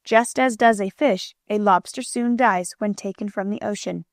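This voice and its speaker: A woman reading a children's storybook aloud as an audiobook narrator, in a gentle, clear manner, lightly voicing the characters. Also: mid-range voice, moderate pace, dry recording, clean studio sound.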